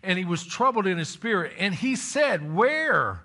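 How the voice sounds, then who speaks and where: A man preaching a sermon in a high, bright voice. He reads scripture aloud and drives it home with emphatic questions and calls for amens. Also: big pitch swings, measured pace.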